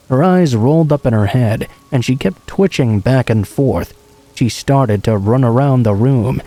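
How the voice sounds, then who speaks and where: A man reads scary stories in a calm, even narrator's voice. His tone is dark and mellow, and a steady patter of rain runs behind him. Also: medium pitch. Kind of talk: scripted horror story narration.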